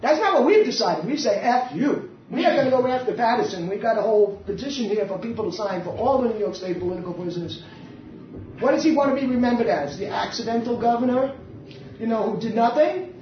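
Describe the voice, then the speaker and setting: A woman activist with a fairly high, expressive voice speaks fast, bluntly and defiantly at a public meeting, animatedly telling stories in an impassioned live talk. The recording sounds dull, with faint hiss, an echoey hall, and a distant mic.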